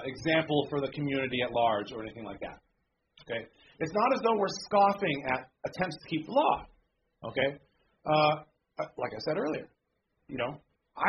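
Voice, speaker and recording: A man preaching a sermon as pastor, talking conversationally with frequent "okay?" check-ins and reading scripture slowly and deliberately. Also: medium pitch. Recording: dull lo-fi sound with faint background noise.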